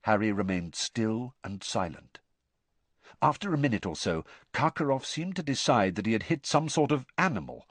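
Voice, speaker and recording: A man reading an audiobook in a steady storytelling manner, stepping into character voices. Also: lowish voice, moderate pace, dry recording. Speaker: narrator. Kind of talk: audiobook narration.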